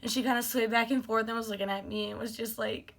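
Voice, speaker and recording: A young woman vlogger telling a story with gushing excitement, full of fillers. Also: on the high side, fast talker, gravelly. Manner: gushing, animated, many fillers like "like".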